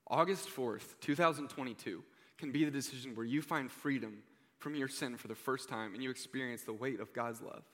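A young man preaching a sermon, earnest and heartfelt, often dropping to a hushed voice on key points. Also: medium pitch, a little fast. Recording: reverberant hall.

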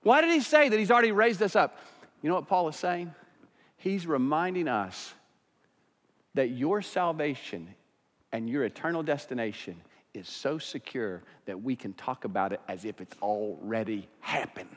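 Man preaching a sermon, fired up, fairly high voice, long hall reverb. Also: expressive, moderate pace. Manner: fired-up preaching, swings from quiet to loud. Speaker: pastor.

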